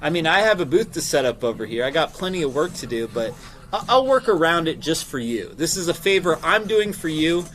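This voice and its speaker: A man's voice: a little high, brisk, soft background music. A man telling a convention story in casual talk, swearing freely and acting out both sides of an argument. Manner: animated, profane, acts out both sides of the argument. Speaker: small business owner telling a convention story.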